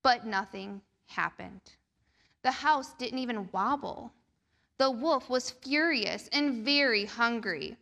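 A woman reading a picture book aloud to children during a church service, slow and expressive. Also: fairly high pitch, vocal fry. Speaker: children's storyteller.

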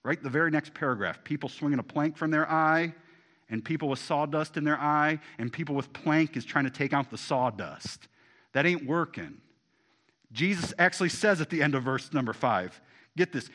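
Man, pastor, sermon, bright forceful tone, slightly high voice, stammering restarts, quiet then loud. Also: moderate pace. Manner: repeats words when starting, swings from low to sudden shouts.

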